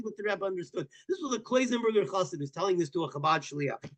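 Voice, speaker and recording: A man, a rabbi teaching a Torah class, telling stories in an animated way, repeating words and bursting into loud emphasis. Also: high-pitched, quick pace.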